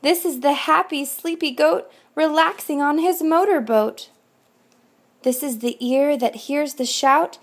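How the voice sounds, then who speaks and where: A woman with a high voice reads a rhyming picture book aloud to children. She takes it slowly and rhythmically, leaning into each line expressively. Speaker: volunteer reader.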